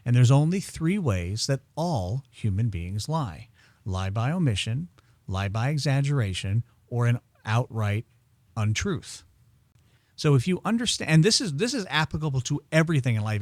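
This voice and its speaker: A man telling stories in a relaxed interview, acting out quoted dialogue as he goes. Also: medium pitch, no echo. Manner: animated storyteller, acts out quoted dialogue. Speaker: podcast guest, incense expert. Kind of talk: conversational interview storytelling.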